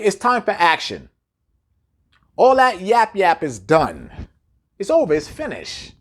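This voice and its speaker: Man, blunt profane lecture, high voice, very animated pitch, repeats himself, rhetorical questions. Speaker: commentator. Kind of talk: preachy monologue to camera.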